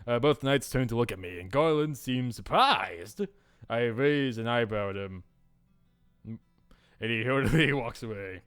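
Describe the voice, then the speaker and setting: A man's voice: medium pitch, expressive, measured pace, fairly bright tone, clean tone, soft background music. A man hosting a let's play, reading a visual novel aloud with playful, jokey asides.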